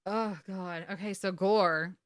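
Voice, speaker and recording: A woman's voice: medium pitch, takes it slowly, no echo, studio quality. A woman, co-hosting a podcast recap, telling the story emotionally and swearing often. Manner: emotional, swearing, animated retelling. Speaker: podcast co-host. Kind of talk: casual recap chat.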